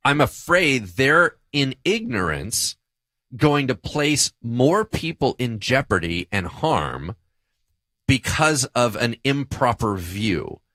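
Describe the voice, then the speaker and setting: A man, a pastor co-hosting a podcast, telling a story about himself in a lively, self-deprecating way. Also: medium pitch, slow pace, no room sound. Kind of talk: casual podcast discussion.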